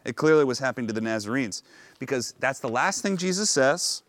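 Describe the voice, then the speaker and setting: Pastor, male, lively storyteller, dry close sound, mid-pitched voice. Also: a little fast, no echo. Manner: animated storytelling, acting out characters' lines. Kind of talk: sermon retelling a Bible story. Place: outdoors on location.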